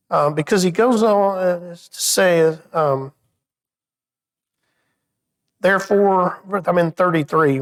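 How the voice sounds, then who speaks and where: In church, a man with a strikingly high voice leads a Bible study. His delivery is conversational, with frequent small stammers as he restarts sentences, and he grows quiet whenever he becomes reflective.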